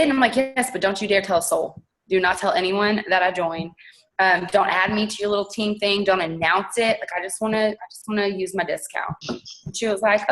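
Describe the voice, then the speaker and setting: A woman's voice: medium pitch, a little fast, low-quality recording. Chatty woman telling her story. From Texas. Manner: chatty, animated, laughs often. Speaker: guest. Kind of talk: casual storytelling on a call.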